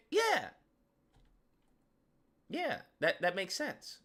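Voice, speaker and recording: Brief: animated male commentator, bright-toned, joking and slangy. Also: high voice, moderate pace. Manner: slangy, laughing, rhetorical questions. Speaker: YouTube commentator. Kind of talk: casual comedic commentary.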